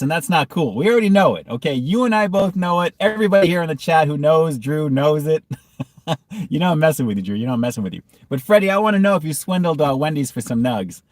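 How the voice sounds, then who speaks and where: A man's voice: on the high side, no echo, clean studio sound. A man hosting a casual food review livestream, reading chat comments and often breaking into hard laughter.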